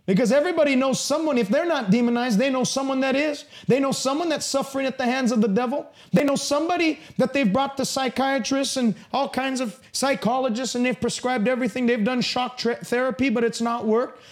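A man preaching a sermon with passion and emphasis, sometimes rising to a shout. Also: very high-pitched, a little fast, hardly any pauses.

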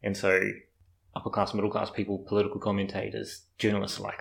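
A man's voice: fairly low pitch, level tone, quick pace, creaky, a little hiss or hum, poor audio. A young man from New Zealand in casual, rambling chat, swearing freely as he talks about life abroad.

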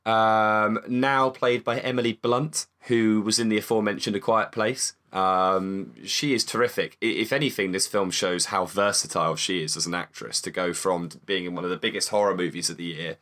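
A man's voice: on the low side, fairly even intonation, normal speed, few pauses, fairly bright tone. A young man co-hosting a casual film review chat, swearing casually and repeating words as he talks. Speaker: film review podcast co-host.

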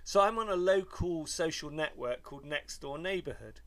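A man's voice: on the high side, lively intonation, moderate pace, a bit bright, no room sound. A middle-aged man, a podcast co-host, telling stories in a wry, self-mocking way and swearing freely in casual chat.

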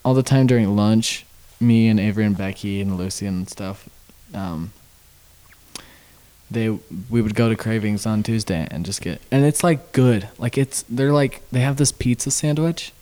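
A teenage boy chatting on a home podcast, his voice warm and mellow. He rambles, giggles and restarts sentences, talking loosely with friends. He records in a home garage. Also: fairly low pitch, moderate pace, clean tone, low-quality recording. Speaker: podcast co-host. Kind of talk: casual chat.

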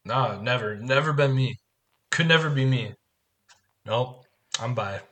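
A man co-hosting a podcast in casual comedic chat, laid-back and quick to laugh, with hesitant fillers. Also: medium pitch, background noise. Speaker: podcast co-host.

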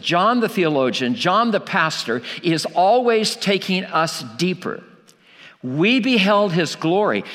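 A man's voice: a little high, sharp tone, in a large hall. A man preaching a sermon, emphatic, asking rhetorical questions and repeating key lines for weight.

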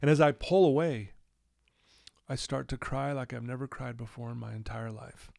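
A man's voice: medium pitch, normal speed, gravelly, a little mellow, dry recording, clean studio sound. Earnest man telling his recovery story. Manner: candid, emotional storyteller. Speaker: addiction recovery counselor, guest. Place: his office.

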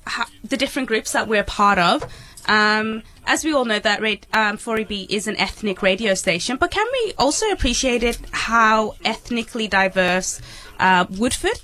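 A woman's voice: a little high, lively intonation, normal speed, pushed and bright. A woman co-presenting a casual radio show from a festival studio, enthusiastic and full of fillers.

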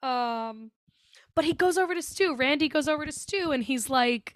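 A woman co-hosting a podcast in casual chat, animated and swearing freely as she acts out movie lines. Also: high-pitched, moderate pace, no echo, studio quality. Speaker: podcast co-host.

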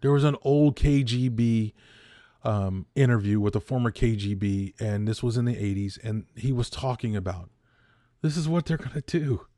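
Man, 50s, podcast host, ranting monologue, middle pitch, dry close sound. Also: moderate pace, dark tone, dry recording. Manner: impassioned, ranting, repeats points for emphasis.

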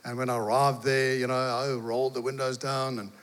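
A man preaching, telling a lively personal story and acting out the dialogue. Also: mid-range voice, brisk. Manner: animated storyteller, acts out dialogue, laughs. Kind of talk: storytelling sermon. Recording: long hall reverb.

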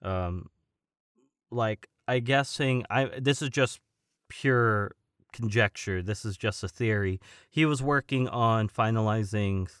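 Relaxed man, dry close sound. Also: on the low side, takes it slowly, clear, resonant tone, dry recording. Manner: relaxed, rambling, many fillers. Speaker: voice actor and stuntman guest. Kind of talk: casual podcast interview.

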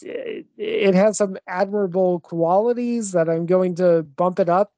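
A woman's voice: lowish voice, a little slow, dark tone, no echo, highs cut off. A woman co-hosting a movie podcast, giving a frank review with many fillers and hesitations. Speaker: podcast co-host.

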